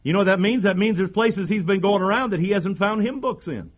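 A man's voice: high-pitched, fairly quick. A man preaching a sermon as pastor, emphatic, repeating phrases and firing rhetorical questions at the congregation.

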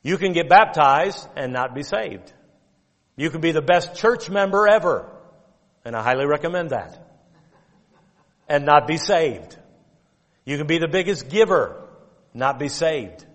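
Pastor guy preaching hard, slightly high voice, leans on key words, long church hall echo. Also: animated. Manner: emphatic preaching, quoting King James scripture; drawn-out stress on key words. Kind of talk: sermon.

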